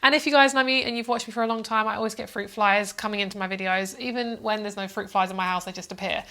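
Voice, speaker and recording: A woman reading tarot cards for her viewers in a loose, chatty way. She sounds motherly and talks at an easy middle pitch, wandering through her thoughts and circling back on herself. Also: steady tone, quick pace. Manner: warm, motherly and chatty, calls viewers "my love"; rambling, with many fillers and restarts. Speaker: psychic tarot reader. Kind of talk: casual tarot reading to camera.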